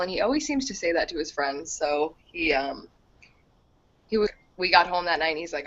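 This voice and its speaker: A woman's voice: lowish voice, normal speed, fairly bright tone. A young woman telling a long personal story on a video call, rambling and chatty, with lots of "like". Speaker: group member. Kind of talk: casual video chat. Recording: dull lo-fi video call audio.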